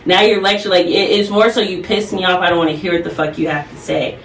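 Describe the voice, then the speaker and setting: A woman's voice: lowish voice, fast, far from the mic. A woman in her thirties talks bluntly and directly in a casual podcast chat, telling stories with plenty of animation. She sits some way back from the mic, so her voice carries a roomy echo with a faint hiss underneath. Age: 30s. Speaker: guest co-host.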